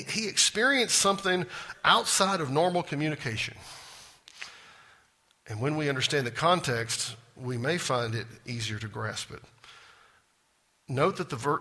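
A man's voice: medium pitch, bright, forceful tone, husky. A man teaching a Bible class in a church classroom, folksy and drawling, often stopping to quiz the group. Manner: folksy, asks the class questions.

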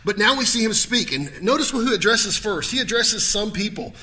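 A male pastor preaching a sermon in a church, swinging from loud to hushed. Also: high-pitched, expressive, moderate pace.

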